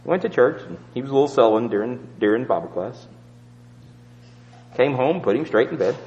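Animated preacher, man, long hall reverb. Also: normal speed, muffled recording. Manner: storytelling, swinging from loud emphatic peaks to hushed low asides. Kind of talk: sermon.

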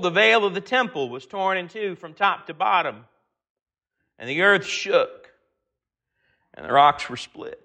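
A man preaching a sermon, reading scripture aloud and earnestly slowing down and swelling his voice for emphasis. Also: high-pitched, sharp tone.

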